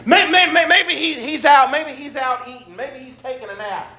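A man's voice: very high-pitched, normal speed, sharp tone, echoey room, pitched above the performer's own voice. A man voicing a scornful male prophet who mocks his rivals in a teasing way. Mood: mocking. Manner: mocking, teasing.

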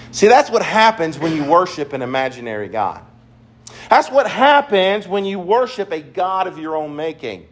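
A male pastor preaching a sermon emphatically, repeating key phrases. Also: fairly high pitch. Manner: emphatic, repetitive preaching with restarts.

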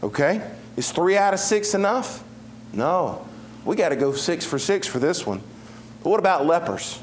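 A man delivers a sermon in a fairly high voice. He tells Bible stories with lots of energy, swinging between loud, quick passages and quiet, drawn-out ones, like a pastor working his congregation. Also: a little hiss or hum. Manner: animated storytelling preacher, swings from loud to hushed.

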